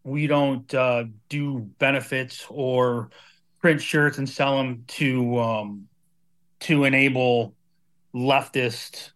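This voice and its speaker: A man's voice: mid-range voice, steady tone, slow pace, fairly bright tone. A man in his fifties, a guest on a podcast, who speaks emphatically and repeats phrases to drive his points home. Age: 50s. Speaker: guest, hardcore band member. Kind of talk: casual podcast chat.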